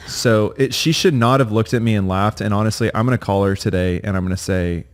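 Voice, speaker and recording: A man with a fairly low voice and a slightly quick pace co-hosts a podcast. In casual chat, he tells stories playfully, teases, and laughs a lot.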